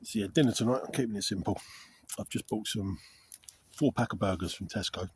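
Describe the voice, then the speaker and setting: In a frosty wood, a middle-aged wild camping vlogger talks candidly and wanders from topic to topic as he addresses the camera. His pitch is fairly low, his pace fairly quick, and a little hiss or hum runs underneath.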